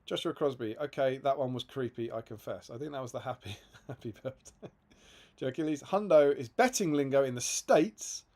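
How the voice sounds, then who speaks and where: In casual livestream chat, a male co-host reads out comments from viewers and laughs often. His voice is medium-pitched with a darkish tone, and he speaks at a moderate pace, chatty and amused.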